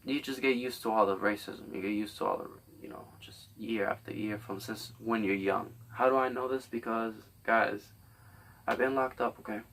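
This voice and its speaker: A man's voice: fairly low pitch, fairly even intonation, moderate pace, a bit bright, recorded from a distance. A man hosting a podcast, delivering a rambling, blunt, profane comedic monologue. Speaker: podcast host.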